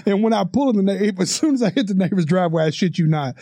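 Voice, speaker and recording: A man's voice: sits high, fast talker, mellow, no room sound, studio quality. A man co-hosting a podcast, rambling through a crude story with frequent laughs and swearing. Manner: profane, rambling, laughs often. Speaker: podcast co-host. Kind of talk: casual storytelling.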